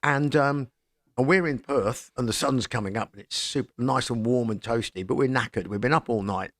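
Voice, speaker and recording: A middle-aged man tells a casual, animated anecdote and slips into quoted voices along the way. His voice is gravelly and sits in a middle pitch. The sound is dry and close. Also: moderate pace, dry recording. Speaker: rock singer and pilot, guest. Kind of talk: casual storytelling.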